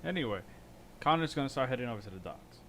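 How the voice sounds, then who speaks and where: A man playing a tabletop role-playing game, cutting in with quick, terse remarks. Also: mid-range voice, lively intonation, a bit bright, a little hiss or hum. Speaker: player. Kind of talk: casual tabletop game play.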